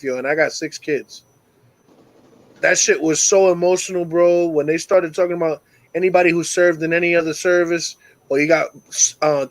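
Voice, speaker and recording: A middle-aged man hosting a call-in talk show, telling stories in a casual, profane and animated way. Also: a little high, no echo, poor audio. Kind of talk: casual storytelling chat.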